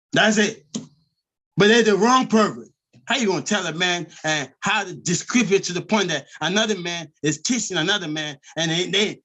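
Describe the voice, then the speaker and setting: Casting: high-pitched man, live host, loud rambling comic rants. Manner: loud, rambling, animated storytelling. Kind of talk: unscripted comedic rant.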